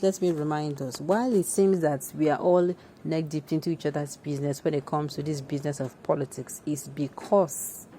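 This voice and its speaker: A woman's voice: low-pitched, mellow, slight background noise. A woman with a Nigerian accent hosting opinionated news commentary in an emphatic, conversational way, full of asides and restarts. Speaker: commentary host.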